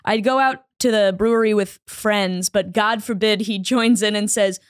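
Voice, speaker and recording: A woman co-hosting a casual chat show reads a letter aloud as a podcast co-host, her medium-pitched voice smooth and at normal speed. She is animated, laughs often, and puts on silly, playful voices. The studio-quality recording has no echo.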